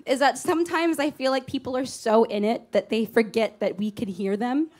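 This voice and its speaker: A female singer and stage performer with a somewhat high, slightly mellow voice rambles through anecdotes to a club audience between songs at a moderate pace. It's cabaret stage banter captured live over a band in a small music venue.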